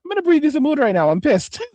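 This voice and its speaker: A man in his forties hosts a casual livestream in a very high, sing-song voice with a darkish tone, racing through his words. He reads viewer comments and rambles, swearing a lot and constantly interrupting and restarting himself, on a dry recording.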